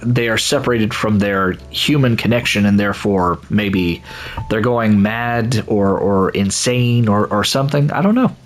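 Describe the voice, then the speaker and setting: A gaming channel host commentates a let's play in a rambling way, restarting often and laughing a lot. His voice is on the low side, at a measured pace.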